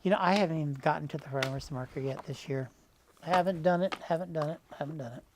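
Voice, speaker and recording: Southern vermont lady hosting local tv chat, kinda low voice, friendly and chatty. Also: background noise. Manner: friendly, chatty, quick reactions and laughs. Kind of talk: casual chat. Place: local community TV studio.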